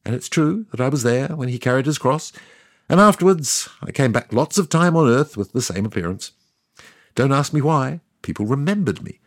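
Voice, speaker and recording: An actor playing God as a sardonic narrator, telling the story in a scripted comic style with offhand asides. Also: male voice, mid-range voice, expressive, moderate pace, no echo, clean studio sound. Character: God as a sardonic, boastful narrator, ageless man.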